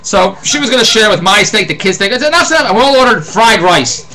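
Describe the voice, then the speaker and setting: Middle-aged man, Philadelphia accent, rambling exasperated rant, high bright voice. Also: expressive, a little fast, rough recording. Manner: rambling, exasperated, repeats words. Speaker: host. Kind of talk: ranting comedic monologue.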